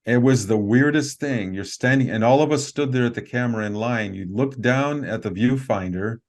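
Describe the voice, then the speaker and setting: As a video call interview guest, a man with a mid-range voice recounts a story in an earnest, stumbling way, using many fillers and restarting often.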